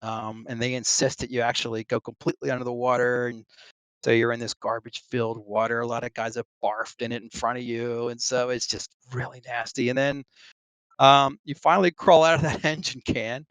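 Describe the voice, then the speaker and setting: A middle-aged man talking over an online voice call with a dry, close sound. He wanders through a long casual story, stopping for ums and small laughs. His voice sits at an ordinary pitch. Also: flat delivery, brisk, a bit bright, clear, resonant tone, no echo. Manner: rambling, full of ums and restarts, laughs between phrases. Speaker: Navy veteran guest.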